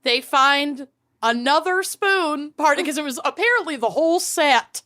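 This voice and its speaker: Bright, lively woman co-hosting. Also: high-pitched, measured pace. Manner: cranky, swears, storytelling. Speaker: podcast co-host. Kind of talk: casual chat.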